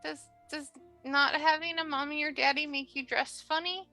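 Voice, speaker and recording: A woman's voice: sits high, fairly even intonation, normal speed, pushed and bright, soft background music, pitched above the performer's own voice. Albina, a woman doing a little orphan girl. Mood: curious. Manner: childlike, plainspoken. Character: small orphan girl, blunt and curious.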